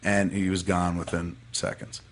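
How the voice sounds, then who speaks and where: Low-voiced man telling a raw story. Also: little pitch movement, normal speed, a little hiss or hum. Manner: profane, rambling, heartfelt. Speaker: podcast guest. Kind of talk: casual storytelling.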